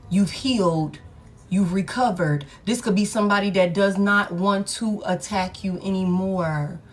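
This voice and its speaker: A woman doing a collective tarot reading, swearing freely and speaking with emphatic, animated energy. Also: mid-range voice, slight background noise. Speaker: tarot reader.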